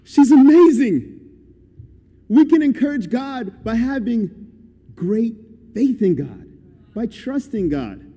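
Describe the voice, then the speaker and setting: Male guest preacher, high voice, unhurried, animated sermon delivery. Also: slightly rough, muffled recording. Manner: animated, swings from quiet to loud. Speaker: guest speaker. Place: church hall. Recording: church hall reverb.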